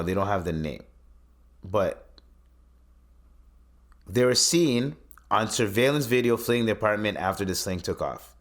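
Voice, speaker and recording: Animated swearing podcast host man. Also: medium pitch. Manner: animated, swearing, incredulous rants. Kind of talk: casual commentary monologue.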